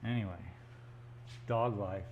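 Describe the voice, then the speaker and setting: A man's voice: fairly low pitch, steady tone, unhurried, darkish tone, lo-fi sound, slight background noise. A man chatting casually and joking in rambling asides while he paints live in an art gallery studio. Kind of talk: casual live-stream chat.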